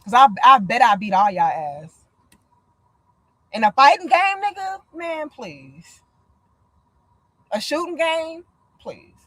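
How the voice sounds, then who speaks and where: A woman's voice: high-pitched, slow, long pauses, dry recording. A woman in her thirties, from the United States, hosting a casual livestream chat, blunt and profane, telling stories with lots of energy. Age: 30s. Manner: blunt, profane, animated storytelling. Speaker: livestream host.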